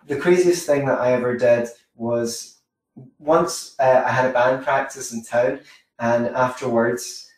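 A man's voice: medium pitch, steady tone, a little slow. A man coaching on social skills in a chatty, rambling way, telling anecdotes and correcting himself as he goes. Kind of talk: informal teaching monologue. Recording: very echoey room, mic far off.

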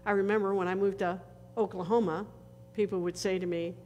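A woman pastor preaching a sermon in a church, slow and earnest, with dramatic pauses. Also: medium pitch, fairly even intonation, a little mellow. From northern United States. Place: church sanctuary. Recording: reverberant church hall with faint noise.

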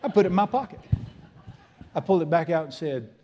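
Preacher in his sixties, slightly high voice, folksy and emphatic storytelling sermon. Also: lively intonation, fast, dark tone, slight background noise. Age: 60s. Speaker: pastor.

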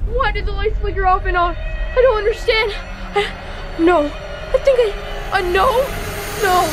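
Woman YouTuber, very high voice, panicky scare-vlog host, loud music bed. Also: unhurried, pauses often, a loud crowd. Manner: panicky, repeats pleas and denials, shifts between shrieks and low murmurs. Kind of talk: staged scary-prank vlog. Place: at home indoors.

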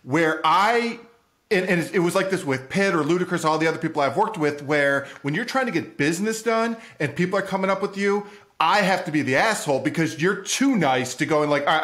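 A man's voice: on the high side, a bit bright. A man hosting a podcast, chiming in with his own side of the story in casual chat. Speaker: podcast host.

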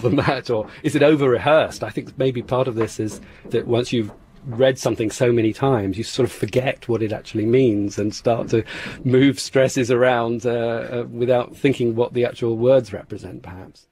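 Hesitant man explaining speech pitch. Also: fairly even intonation, normal speed, darkish tone, a little hiss or hum. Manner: hesitant, restarts, laughs easily. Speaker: phonetics expert. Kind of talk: explaining in an interview.

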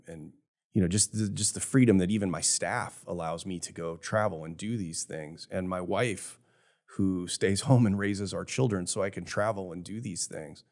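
Deep-voiced reflective man in his fifties. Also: normal speed. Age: 50s. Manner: earnest, reflective, emotional at times. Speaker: jewelry store owner. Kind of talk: casual podcast conversation.

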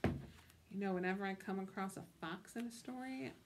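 A woman's voice: medium pitch, normal speed, background noise. A woman reading a picture book aloud with expression, stopping to ask her listeners questions. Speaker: storytime reader.

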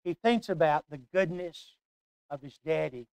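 An older man preaching a sermon, emphatic and repetitive, swinging from hushed asides to loud declarations. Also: a little high, lively intonation, a little slow, creaky, clean tone, no echo.

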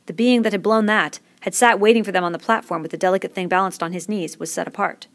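A woman narrating a novel in a measured, expressive reading. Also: mid-range voice. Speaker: reader. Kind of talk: audiobook narration.

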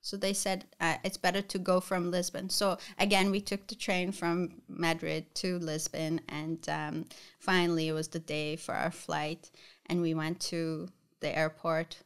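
A middle-aged woman from the Middle East, a guest telling her personal story in an interview, animated and often picking the thread back up with "so anyways". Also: sits low, unhurried, clean tone. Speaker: guest, florist and talk show host.

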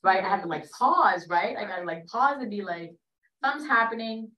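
A woman's voice: medium pitch, animated, brisk, highs cut off. A woman in her late thirties telling a personal story on a discussion panel, chatty and often asking "right?". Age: late 30s. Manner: conversational, tags sentences with "right?". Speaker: panelist in a dialogue gathering. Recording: roomy, from a distance to the mic.

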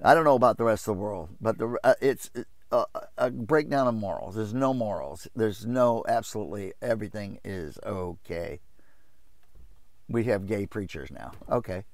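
A man preaching an informal Bible study from his RV, impassioned and quick to mock opposing views in a raised voice. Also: expressive, dry recording. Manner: impassioned, jumps into mocking high voices to quote others.

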